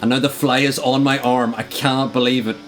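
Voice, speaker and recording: A young male streamer commentates his racing game live, half joking and half exasperated, with the odd curse thrown in. His voice sits at a middling pitch for a man, and quiet music plays underneath. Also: flat delivery, fairly quick. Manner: joking and frustrated, swears at the game.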